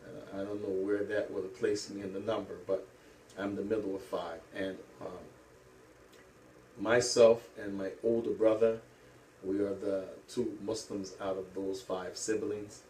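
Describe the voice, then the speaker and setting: A middle-aged man from St. Louis, an Islamic teacher, telling his life story slowly with many pauses and hesitations. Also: on the low side, little pitch movement, darkish tone, a little hiss or hum. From St. Louis, USA. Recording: echoey room, mic at a distance.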